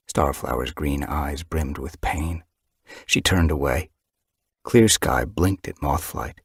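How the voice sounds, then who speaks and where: Husky, expressive male audiobook narrator. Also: low voice, measured pace, dry recording, clean studio sound.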